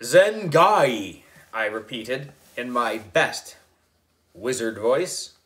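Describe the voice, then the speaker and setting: Man reading a kids' book aloud, animated. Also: mid-range voice, slow pace. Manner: lively, animated character reading. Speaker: reader. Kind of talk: reading a children's novel aloud.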